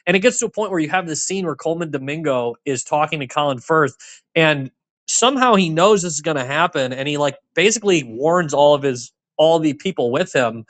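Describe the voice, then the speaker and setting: A man with a slightly raised pitch rambles through a casual podcast chat about a film. He stacks fillers and restarts his sentences. The room sound is dry and close. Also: animated, fairly quick, fairly bright tone, no room sound. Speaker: podcast co-host.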